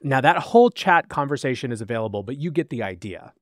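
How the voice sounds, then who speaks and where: Fast-talking male news podcast host. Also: medium pitch, lively intonation, no echo, clean studio sound. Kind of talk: AI news commentary.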